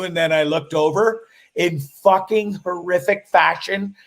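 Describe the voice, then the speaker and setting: A man with a high voice chats on his livestream from a cottage while he is traveling. He rambles and swears as he tells stories, and he often breaks off and restarts his sentences. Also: measured pace, gravelly, fairly bright tone. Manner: profane, rambling storyteller with many restarts. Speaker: livestream host.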